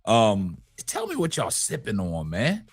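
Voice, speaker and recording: A man's voice: on the low side, huge pitch swings, a little slow, husky, faint music behind. A man in his forties hosting a casual late-night live show, laid-back and chatty, tagging "man" onto his lines.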